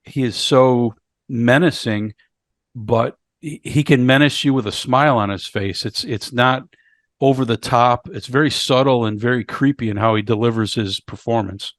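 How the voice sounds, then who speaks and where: Male podcast co-host, halting plot recap, mid pitch, dry close mic. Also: no echo. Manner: halting, repeats words while recapping the plot. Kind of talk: casual movie review chat.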